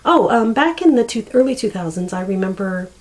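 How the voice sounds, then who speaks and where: A woman's voice: mid-range voice, expressive, a little fast, poor audio. A woman in her forties chatting casually to the camera, rambling and often searching for words. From Canada. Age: 40s. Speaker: vlogger.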